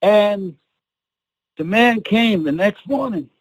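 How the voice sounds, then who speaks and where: An older man telling a motivational story from the stage in a high voice. He speaks slowly and deliberately, like a preacher. His delivery swings from hushed lines to near-shouts. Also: rough recording.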